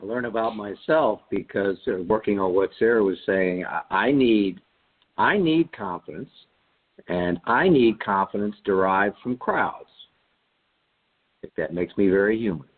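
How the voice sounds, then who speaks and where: A man's voice: fairly low pitch, lively intonation, a little slow, breathy edge. A man on a Bible study call-in who thinks aloud and often restarts his sentences. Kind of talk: reflective casual discussion. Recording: tinny phone line.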